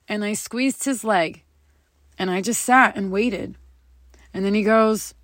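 A woman's voice: medium pitch, slow, long pauses, fairly bright tone, no echo, studio quality. A woman hosting a casual spiritual podcast, candid and open, laughing often and swearing casually. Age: adult parent. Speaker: podcast host.

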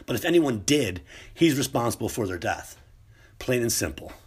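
A man's voice: mid-range voice, lively intonation, moderate pace, slightly rough. A man ranting in a casual, profane monologue, rambling with many restarts.

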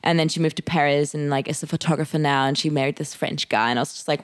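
A young woman from Germany co-hosting a podcast, telling stories in casual chat and acting out quotes with big pitch jumps. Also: rapid-fire, few pauses. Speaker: podcast co-host.

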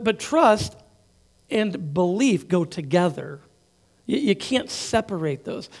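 A man preaching a sermon in a conversational way, with quick asides and repeated words. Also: sits high, creaky. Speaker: pastor.

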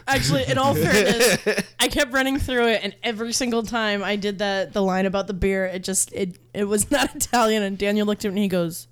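A woman's voice: medium pitch, a little fast, hardly any pauses. A woman co-hosting a comedy podcast in casual chat, often laughing through her sentences. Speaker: podcast co-host.

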